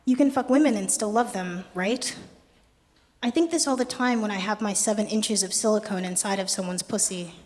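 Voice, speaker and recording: A young adult poet giving a poetry reading with a wry, conversational, deadpan delivery. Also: mid-range voice, normal speed. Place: art gallery performance space. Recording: long reverb of a gallery hall.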